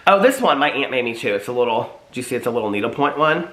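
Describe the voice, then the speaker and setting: A man vlogging casually to his viewers, chatty and animated, often asking them if they can see what he holds up. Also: mid-range voice, fast, roomy sound, slight background noise. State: out of breath. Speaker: vlogger showing old Christmas keepsakes. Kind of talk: casual chat to camera.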